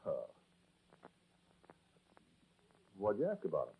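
An actor with an American accent playing a young soldier turned ex-convict, narrating and talking in a 1940s radio drama. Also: male voice, fairly low pitch, huge pitch swings, very fast, creaky, slightly rough, heavily acted. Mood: skeptical. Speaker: narrator and lead character. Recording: tinny old radio broadcast recording.

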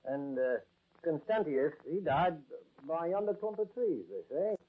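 Yorkshire corporal, gruff. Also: male voice, fairly high pitch, sing-song, unhurried. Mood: reminiscing. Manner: folksy, ominous storytelling with "aye" and "lad". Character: gruff, friendly Yorkshire lance corporal, older drill master. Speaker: army corporal. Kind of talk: 1940s radio acting. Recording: tinny old radio broadcast recording.

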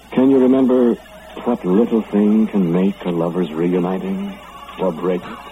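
An actor playing a remorseful young lawmaker who narrates his lovesick memories in a measured, solemn old radio drama. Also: low-pitched. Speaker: narrator and lead character. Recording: phone-like old radio recording, faint hiss.

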